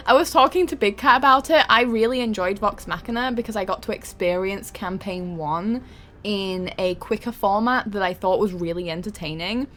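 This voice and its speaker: A woman's voice: medium pitch, moderate pace, a bit bright, faint music behind. A young adult woman streaming a game, chatting casually with her viewers, laughing often and swearing freely. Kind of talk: casual live-stream chat.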